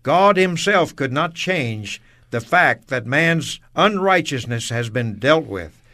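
A man's voice: fairly high pitch, animated, slow, bright, forceful tone. A man co-hosting a religious radio discussion, speaking earnestly and affirming what was said. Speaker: co-host.

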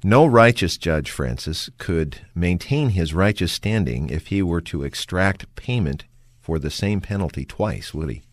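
Deep-voiced male radio host, dry sound. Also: expressive, no room sound. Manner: measured, leading questions. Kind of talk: religious radio discussion.

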